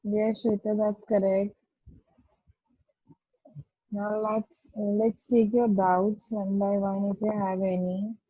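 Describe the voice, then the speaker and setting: A woman's warm, medium-pitched voice, barely moving in pitch, guides pupils through grammar in an online class doubt session. She speaks slowly and patiently, stressing examples, with no echo over muffled, lo-fi video call audio.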